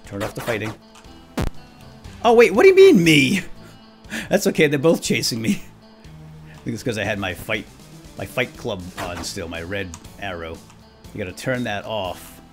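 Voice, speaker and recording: A man chatting his way through a video game as a let's play host, talking to himself and chuckling often. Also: on the low side. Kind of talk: gameplay commentary.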